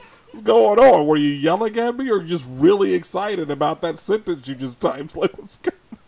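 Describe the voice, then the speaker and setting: A man's voice: fairly high pitch, creaky. A man chatting casually on a livestream, reading chat and teasing, laughing often.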